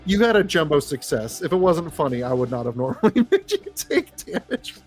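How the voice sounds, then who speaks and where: A man running a comedy tabletop game as game master, narrating with lively energy, swearing and laughing. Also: a little high, brisk, faint music behind.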